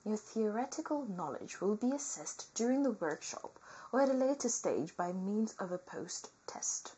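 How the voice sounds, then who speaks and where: A woman reading a nursing workbook aloud as comedy, with theatrical asides that swing between whispers and loud outbursts. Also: medium pitch, expressive, normal speed, a little hiss or hum, low-quality recording.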